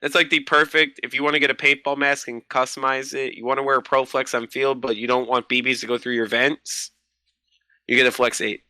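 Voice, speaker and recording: A man in his twenties, a podcast guest in casual chat, telling animated stories and swearing freely. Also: mid-range voice, fairly quick, dry recording.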